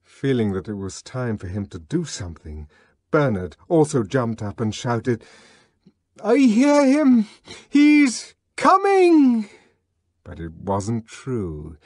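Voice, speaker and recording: Man reading an audiobook with lively pitch. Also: no echo, clean studio sound. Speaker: audiobook narrator. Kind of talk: scripted narration.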